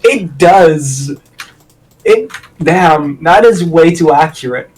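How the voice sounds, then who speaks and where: A man chatting casually while playing a game with a friend, rambling with lots of fillers and quick self-deprecating laughs. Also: fairly high pitch, lively intonation, a little mellow, recorded from a distance, poor audio. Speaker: gaming channel host. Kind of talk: casual co-op gameplay chat.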